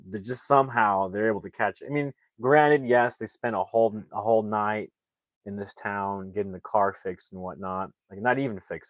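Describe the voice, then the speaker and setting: A man's voice: fairly low pitch, no echo. A man recapping a movie plot in a casual, rambling way, full of fillers and restarts. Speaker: movie reviewer.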